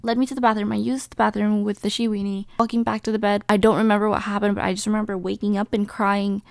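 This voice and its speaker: A woman's voice: medium pitch, level tone, quick pace, creaky, dry recording, clean studio sound. A young woman talking candidly in a casual recovery vlog from her bed, out of breath, rambling and laughing now and then. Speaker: vlogger. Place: bedroom, lying in bed.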